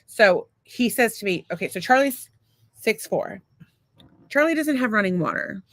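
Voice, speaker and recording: A woman's voice: mid-range voice, animated, moderate pace, fairly bright tone, no echo. Profane rambling woman storyteller. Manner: profane, rambling, self-mocking. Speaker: podcast co-host. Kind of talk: casual storytelling.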